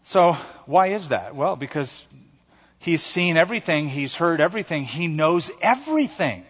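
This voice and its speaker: Casting note: male preacher, fairly high-pitched, pausing for emphasis, lo-fi recording. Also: animated, breathy edge. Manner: emphatic, storytelling, with dramatic pauses. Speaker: pastor. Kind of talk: sermon. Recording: echoey hall, dull lo-fi sound.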